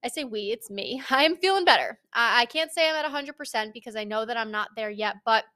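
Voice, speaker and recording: A young woman talks solo on her podcast with bright, upbeat energy. Her voice sits a little higher than most women's, and she chats casually, tossing in the odd swear word. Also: animated, quick pace. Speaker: podcast host.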